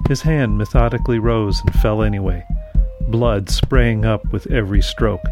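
A man reading a dark fiction story aloud in a measured, scripted narration. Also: lowish voice, over music.

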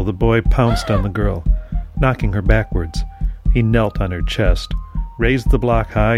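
A man reading a dark fiction story aloud in a measured, scripted narration. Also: lowish voice.

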